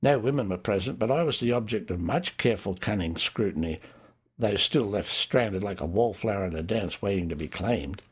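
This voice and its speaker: A man reading a first-person memoir in a measured, wry storytelling manner. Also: lowish voice, animated, slightly rough. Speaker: audiobook narrator.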